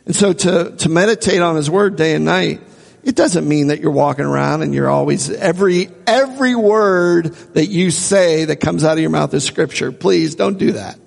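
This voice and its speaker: A man's voice: on the high side, moderate pace, vocal fry, big-room sound. A man preaching a sermon as a pastor, earnestly repeating phrases for emphasis.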